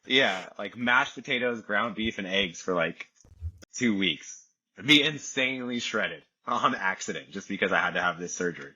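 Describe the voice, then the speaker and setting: A man's voice: on the low side, lively intonation, normal speed, sharp tone, breathy edge, dull audio. A young man telling stories in a laid-back casual chat, saying dude a lot and acting out voices. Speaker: podcast guest.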